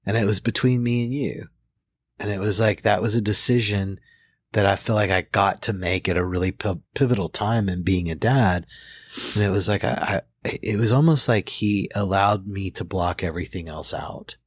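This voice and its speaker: A man's voice: lowish voice, moderate pace, breathy edge, no room sound, studio quality. A man in his forties, a therapist hosting a casual podcast conversation, telling reflective stories and often restarting his sentences. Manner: reflective storyteller, with frequent restarts. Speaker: therapist host.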